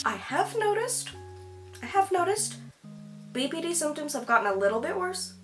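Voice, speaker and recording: A woman talks to the camera in a candid, casual vlog at home, with a slightly high, very bright and forceful voice. She is chatty and self-deprecating, full of "like" and quick laughs. Faint music plays underneath. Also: big pitch swings. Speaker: YouTuber.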